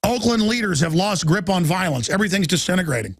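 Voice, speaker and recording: A man delivers an urgent, agitated talk radio monologue in a high-pitched voice, reading headlines aloud in rapid bursts and pushing into shouts. The recording is dry and close, with no room sound. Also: animated, dry recording. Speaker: radio host.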